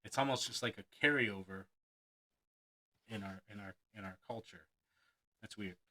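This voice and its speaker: Man, bright and forward tone, reads a how-to book aloud and adds unscripted side remarks. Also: on the low side, normal speed, low-quality recording. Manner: expressive reading that breaks off to comment on his own slips. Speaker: reader of a self-help book on performing. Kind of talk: reading a book aloud with off-the-cuff asides.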